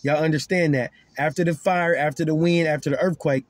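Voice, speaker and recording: A man's voice: fairly high pitch, fairly even intonation, fast talker, hardly any pauses, no room sound. A man giving an informal Bible teaching, earnest and repetitive, often stumbling over and repeating his words. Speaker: online preacher.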